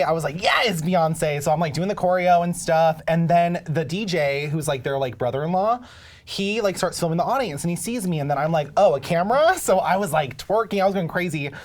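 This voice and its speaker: A man as a podcast guest, chatting casually and telling stories with animated, campy flair. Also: a little high, moderate pace. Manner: animated storytelling with camp flair. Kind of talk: casual chat.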